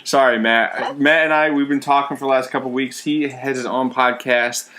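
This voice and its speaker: A man co-hosting a podcast in casual chat, relaxed and stumbling through fillers. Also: medium pitch, normal speed. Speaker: podcast co-host.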